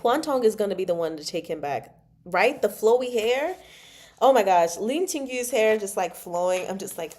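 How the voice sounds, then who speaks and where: Her voice is mid-range and darkish, expressive, at a moderate pace. Hosting a relaxed book chat, she giggles and bubbles along while recounting a novel's scenes, giving the characters' lines playful voices.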